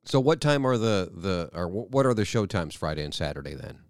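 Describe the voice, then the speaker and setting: A man's voice: sits low, very animated, a little fast, no echo, clean studio sound. A middle-aged man hosting a local radio interview, chatty and plugging event details. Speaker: radio host.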